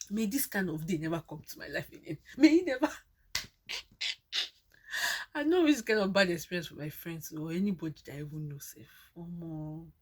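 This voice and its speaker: A young Nigerian woman tells a story from her own life in a slightly husky voice. Her delivery is dramatic and lively, with lots of repetition for emphasis. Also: on the low side. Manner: animated, dramatic, repeats for emphasis. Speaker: vlogger. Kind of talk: casual personal storytelling.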